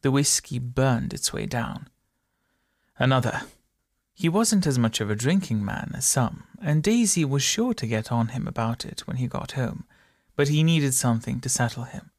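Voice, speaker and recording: Gravelly male audiobook narrator. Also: medium pitch, no room sound, studio quality. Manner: steady, measured storytelling.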